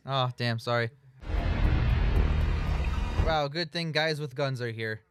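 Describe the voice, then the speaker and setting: A man's voice: mid-range voice, takes it slowly, over music. A man co-hosting a casual film review, sarcastic and nitpicking, swearing freely. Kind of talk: casual riffing commentary.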